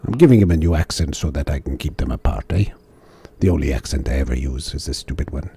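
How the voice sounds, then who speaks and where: Man, casual gameplay commentary, chatty, low voice, dry close sound. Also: very animated, brisk, gravelly, dark tone, slightly rough, no room sound. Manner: chatty, joking asides to himself. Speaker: gamer.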